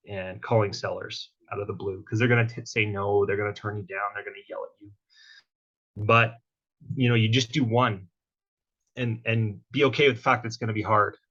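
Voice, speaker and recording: A man's voice: on the low side, fairly bright tone. Man, guest speaker, motivational workshop talk, conversational, keeps asking "right?", dull muffled recording. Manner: casual, conversational, frequent "right?" and "okay?" tag questions. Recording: dull lo-fi sound.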